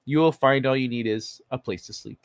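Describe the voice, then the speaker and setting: A man in his own casual livestream voice, neither high nor low, riffing on chat messages with blunt, profane remarks. The sound is close and dry, with no room echo. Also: a little fast. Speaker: livestream host reading chat.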